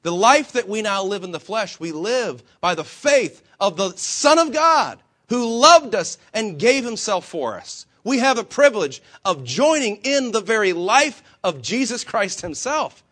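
A man's voice: high voice, very animated, a little slow, few pauses, a bit bright. A man preaching a sermon to fellow believers, swinging his emphasis and asking rhetorical questions. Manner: acts out quoted voices of himself and the Lord. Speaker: pastor.

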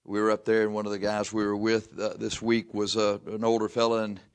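An older man preaching a folksy sermon, reading scripture slowly and telling homespun stories. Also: fairly low pitch, monotone, clean tone. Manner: slow, drawn-out scripture reading mixed with chatty anecdotes.

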